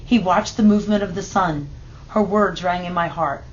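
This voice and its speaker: A woman reading a children's picture book aloud in steady, measured narration. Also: on the low side, dull audio, slight background noise. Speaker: storybook reader.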